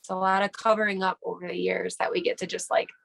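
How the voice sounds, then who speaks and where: Gravelly-voiced woman podcast host. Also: lowish voice, little pitch movement, fast, fairly bright tone. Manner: reflective, poses rhetorical questions. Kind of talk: casual conversation.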